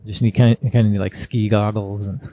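A man's voice: fairly low pitch, flat delivery, moderate pace, warm tone. A man co-hosting a podcast, making wry remarks and laughing asides. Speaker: podcast co-host. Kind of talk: casual chat.

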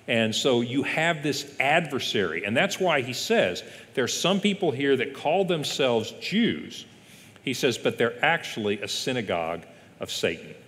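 A male pastor delivers a sermon with a lively, swinging intonation that rises and falls as he drives his points home. His voice sits at an ordinary pitch, and he often stresses words hard while quoting scripture. A long church-hall reverb trails after each phrase. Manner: lively emphatic preaching with frequent scripture quotes. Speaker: executive pastor. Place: church sanctuary.

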